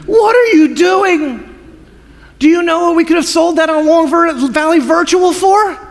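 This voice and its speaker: A preacher shouting as outraged disciples. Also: male voice, extremely high pitch, a little slow, vocal fry, voice pushed up, full character voice. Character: indignant male disciples scolding over wasted perfume. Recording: long hall reverb.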